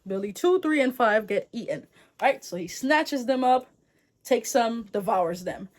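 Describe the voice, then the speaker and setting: A woman's voice: on the high side, lively intonation, a little slow. Slangy young woman retelling folktales. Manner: slangy, rambling, wry asides with lots of "like". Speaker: storyteller. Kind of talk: casual comedic folktale retelling.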